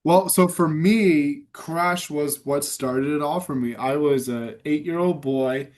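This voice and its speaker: A man in his thirties hosting a casual chat, eager, reminiscing and quick with short replies. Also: fairly high pitch, darkish tone. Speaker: podcast host.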